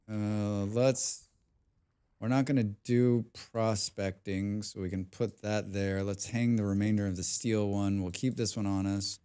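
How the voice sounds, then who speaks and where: A man's voice: fairly low pitch, darkish tone, clear, resonant tone. A man talking casually on a live game stream, rambling and thinking aloud with many restarts and the odd swear. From abroad, lives outside his birth country. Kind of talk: casual live-stream chat while gaming.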